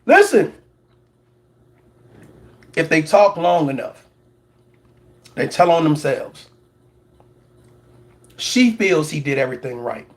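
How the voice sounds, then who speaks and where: Speaking slowly and pausing often, the reaction show host has a fairly high voice with big pitch swings. He sermonizes to his audience, repeats words for emphasis and ridicules others with put-on voices.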